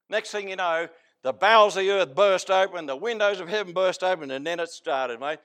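A man with an Australian accent delivers a sermon in a fairly high voice. He preaches like he is telling stories, with plain asides, and swings from loud outbursts to low, hushed lines. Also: brisk. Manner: folksy storytelling preaching with sudden swings between loud and hushed.

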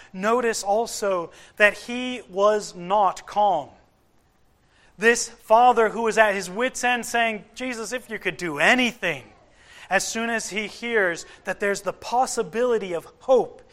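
A male preacher delivers a sermon in an earnest, emphatic style. His voice sits high and sounds bright, and he speaks slowly with deliberate pauses.

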